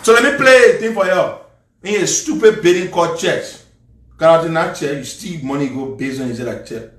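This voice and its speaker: A man's voice: on the high side, normal speed, fairly bright tone, reverberant. A man with a Liberian accent, ranting and mocking in angry live political commentary.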